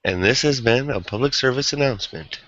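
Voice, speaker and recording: A man's voice: medium pitch, a little fast, fairly bright tone, no room sound, highs cut off. A man hosting a casual online chat show, easygoing and jokey. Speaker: host.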